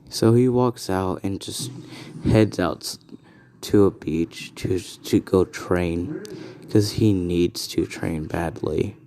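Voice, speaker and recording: A man's voice: low-pitched, slow, warm tone. A man casually narrating a fan story, rambling and restarting his sentences often.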